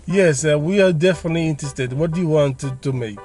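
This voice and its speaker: Guy doing a goofy fake french car exec, stiff and hesitant, bit high. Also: fast talker, a little mellow, faint music behind, lightly acted. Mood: mock-formal. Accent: mock French. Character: male car-company exec with a French accent.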